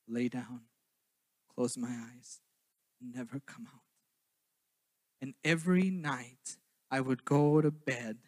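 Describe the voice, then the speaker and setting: A young man from southern Minnesota preaching a sermon, then telling his own story in a quieter, halting way. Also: on the high side. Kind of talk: sermon with personal testimony.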